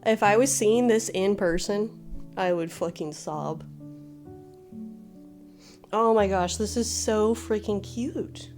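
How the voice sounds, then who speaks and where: A woman doing casual live-stream commentary, gushing and excitable, laughing often. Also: medium pitch, takes it slowly, long pauses, soft background music. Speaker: livestreamer.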